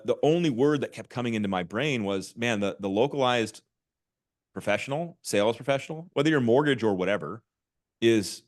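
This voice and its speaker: A middle-aged man with a low voice speaks animatedly as a podcast guest; he's an author and marketing executive. In this casual interview he often restarts his sentences, repeating words.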